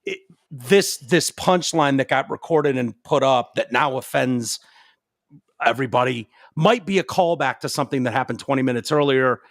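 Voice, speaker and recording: A man hosting a casual podcast chat, with a gravelly, strained voice, agreeable and chiming in often. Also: medium pitch, normal speed, dry recording, studio quality. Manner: agreeable, frequent backchannel.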